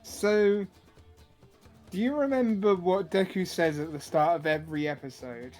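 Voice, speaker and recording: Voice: medium pitch, unhurried, a little mellow, soft background music. A laid-back co-host chatting casually on a stream, laughing often. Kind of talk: casual chat.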